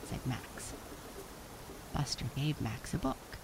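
A woman narrating a children's storybook aloud in a calm, soft manner. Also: a bass voice, measured pace, vocal fry, slight background noise.

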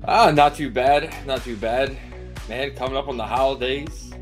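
A man co-hosting a show, chatting in a laid-back, halting way and often repeating himself. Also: mid-range voice, faint music behind. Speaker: co-host. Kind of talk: casual chat on a stream.

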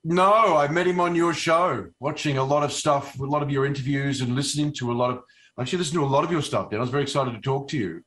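A guest actor from Australia chats in an informal interview, his Australian accent carried on a medium-pitched, slightly bright voice. His speech stumbles along with plenty of fillers and fresh starts.

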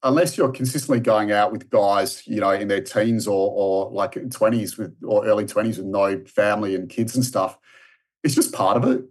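Rambling Australian man, lowish voice. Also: fairly even intonation, normal speed. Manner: rambling storyteller with many restarts and fillers. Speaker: podcast guest, strength and conditioning coach. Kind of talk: casual interview chat.

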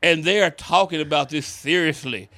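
A man's voice: fairly high pitch, normal speed, no room sound. A middle-aged man, a stand-up comedian, telling a wild story in casual chat, swearing and laughing as he goes. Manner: animated, profane, laughs through his stories.

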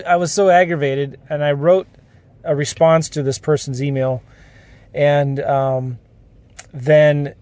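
A man's voice: a little high, a little mellow, no room sound. A middle-aged man hosting a casual talk while driving, chatty and rambling with fillers and restarts, speaking from inside his car. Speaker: host.

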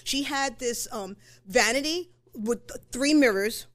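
Animated woman telling a personal story. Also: on the high side, measured pace. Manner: conversational, animated, with fillers and self-corrections.

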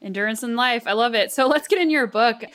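A woman's voice: a little high, quick pace, a bit bright. An American woman hosting an interview, chatting in an upbeat, enthusiastic way. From United States. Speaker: podcast host. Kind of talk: casual interview chat.

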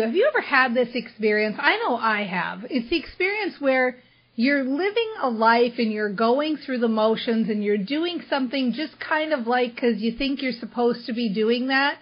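Brief: eager woman interviewer, husky, muffled audio. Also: a little high. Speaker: podcast host. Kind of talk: casual interview chat. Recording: dull lo-fi audio.

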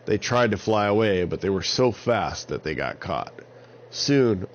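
A man narrating an improvised children's story in an animated way. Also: fairly low pitch, a little slow. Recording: slightly dull lo-fi sound with faint hiss.

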